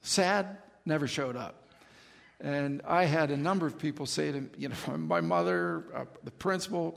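Male pastor, earnest testimony sermon, gravelly tone, reverberant church hall. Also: a little high, expressive, moderate pace.

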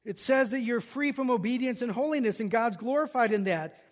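A man's voice: extremely high pitch, fairly quick. A pastor preaching an earnest expository sermon, often restarting and repeating words as he works through a passage.

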